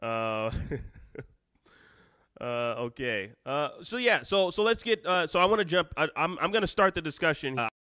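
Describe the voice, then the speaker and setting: A man hosting an unscripted live stream, rambling and excitable, with lots of restarts as he reads out viewer chat. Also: on the high side, measured pace, dry recording, studio quality.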